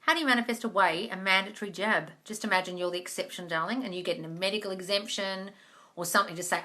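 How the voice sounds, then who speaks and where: A woman's voice: mid-range voice, fast talker, sharp tone. A woman hosting a live question-and-answer stream, chatting casually, reading out comments and calling viewers darling. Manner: chatty, calls everyone darling. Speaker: manifesting coach hosting a live Q&A.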